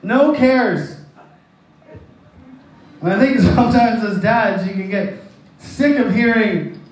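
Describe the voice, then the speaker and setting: A man's voice: high voice, takes it slowly. A man preaching a sermon who tells a personal story in a rambling, folksy way and laughs at his own jokes. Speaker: pastor. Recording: echoey hall, distant mic.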